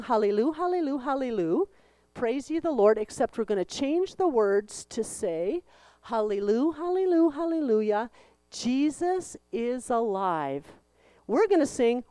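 A woman's voice: sits high, clear, resonant tone, dry recording. A woman telling a Bible story to children at church, acting out the voices and leading a song. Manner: expressive, acts out the voices, leads the group in song.

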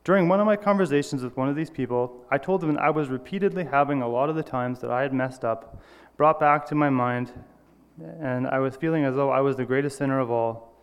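A man's voice: medium pitch, a little fast, clear, resonant tone, long reverb tail. A man giving an earnest, personal sermon, reading scripture and correcting small slips as he goes. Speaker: lay preacher.

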